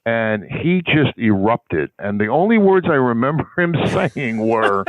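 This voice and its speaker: A man's voice: mid-range voice, sing-song, unhurried, no room sound. An older man, a guest on a sports public relations interview, tells a long anecdote in a rambling, conversational way and acts out the people in his story. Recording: tinny phone-line audio, dry.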